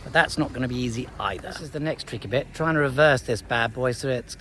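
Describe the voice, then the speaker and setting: Talking fast in a medium-pitched, bright and forceful voice, a man vlogs from his farm and a livestock market with slight background noise. He chats casually to the camera while urging his cattle on.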